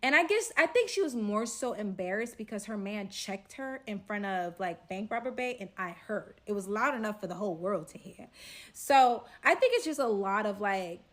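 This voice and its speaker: A woman's voice: medium pitch, expressive, normal speed. A young woman recounting a personal story, storytime style. She tells it animatedly and dramatically and acts out the quoted lines as she goes. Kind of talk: storytime vlog.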